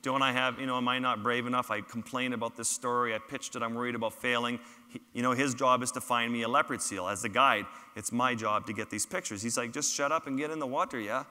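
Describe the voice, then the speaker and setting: Bright-voiced man telling stories in a hall. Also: mid-range voice, little pitch movement, fast talker. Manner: humorous, self-deprecating anecdotes. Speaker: photographer giving a public talk. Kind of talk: storytelling lecture with slides. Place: large lecture hall. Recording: reverberant lecture hall.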